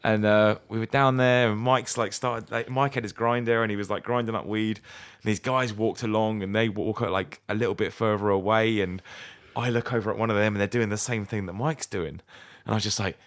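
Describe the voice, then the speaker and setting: A man's voice: fairly low pitch, steady tone, fairly quick. A young man co-hosting a podcast, drunk, chatting casually in a rambling, sweary way with frequent laughs. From England. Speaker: podcast co-host. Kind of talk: casual chat.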